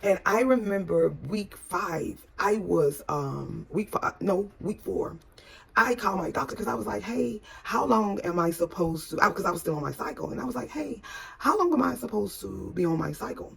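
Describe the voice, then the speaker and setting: A woman's voice: medium pitch, lively intonation, normal speed, vocal fry. A woman telling a personal story in a casual, rambling way. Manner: rambling with many restarts.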